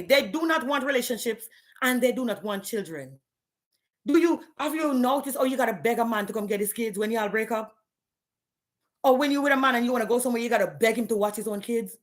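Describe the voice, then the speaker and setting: A woman's voice: on the high side, animated, fairly quick, a bit bright. A woman, ranting bluntly and profanely on a live stream, challenging her viewers. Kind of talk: candid live-stream rant.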